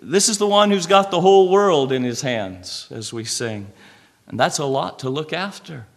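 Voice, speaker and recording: A man preaching a sermon with a fairly high voice. He is earnest and builds long lists of phrases, then sinks to a near hush to stress a point. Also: expressive, normal speed. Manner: earnest, drops to hushed emphasis on key phrases; repeats and lists phrases for emphasis.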